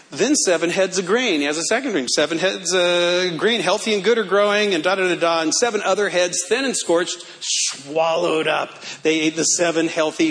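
A male pastor preaching a sermon with animated, humorous storytelling. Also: fairly high pitch.

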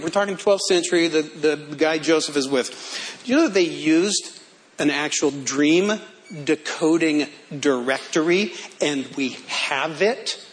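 High-voiced, animated male preacher. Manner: animated, humorous storytelling. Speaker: pastor. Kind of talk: sermon.

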